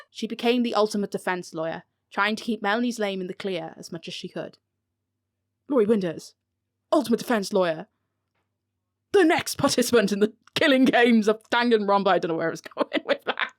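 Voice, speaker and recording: A woman's voice: medium pitch, animated, a little fast. Giggly British woman reading bloopers. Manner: giggly, breaks into laughter, swears at her own slips. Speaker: author narrating her own audiobook. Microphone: home recording mic.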